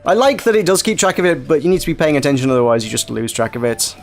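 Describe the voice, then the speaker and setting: A man's voice: on the high side, quick pace, vocal fry, faint music behind. A man hosting a playful reading of a visual novel, rambling with jokey asides. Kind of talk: playful let's-play narration.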